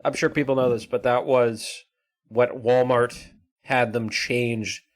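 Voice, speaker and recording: A man's voice: mid-range voice, flat delivery, takes it slowly. A man co-hosting a podcast in casual comedic chat, laid-back and chuckling, trying silly voices. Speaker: podcast co-host.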